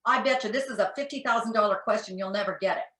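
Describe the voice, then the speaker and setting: Animated older woman, bright echoey voice. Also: mid-range voice, fast. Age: 60s. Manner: animated storyteller acting out quotes. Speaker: educational psychologist speaker. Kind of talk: motivational talk to parents.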